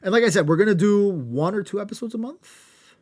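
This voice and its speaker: A man's voice: high voice, lively intonation, a little fast. A man co-hosting a podcast, casually recapping an old wrestling show with wry asides and some swearing. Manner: wry, rundown narration with swearing. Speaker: podcast co-host.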